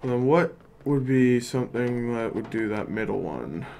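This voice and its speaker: A man's voice: mid-range voice, expressive, normal speed, mellow, slight background noise. A man casually thinking aloud and joking while playing a video game. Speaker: let's play host. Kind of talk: casual gameplay commentary.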